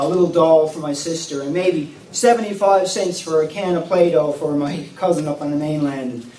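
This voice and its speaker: A middle-aged Newfoundland man spins a folksy tale in a fairly high voice, his words ringing back from the room around him. He sounds set back from the microphone, with a faint hiss beneath. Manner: folksy, warm-hearted, lively with laughs. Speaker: storyteller. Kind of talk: told personal story at a live event. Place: community hall at a Christmas event. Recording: echoey room, mic at a distance, faint noise.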